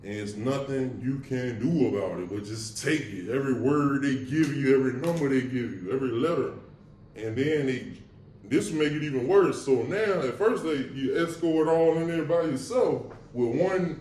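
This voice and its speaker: A man on his own show, telling a story from his past in a casual, slangy, profane way with wry humor about dark memories. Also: mid-range voice, moderate pace, reverberant, recorded from a distance, slight background noise. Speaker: podcast host recounting his past.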